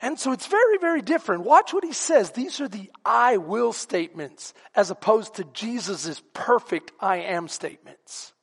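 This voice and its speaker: Male Texan pastor, high voice, emphatic storytelling sermon, reverberant sanctuary. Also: lively intonation, normal speed, gravelly, hardly any pauses, fairly bright tone, husky. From Texas. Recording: long church reverb.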